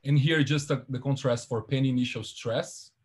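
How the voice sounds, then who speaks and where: A man giving an academic seminar presentation over a video call, walking through his slides step by step in a measured, explanatory way. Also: medium pitch, fairly even intonation, darkish tone, breathy edge.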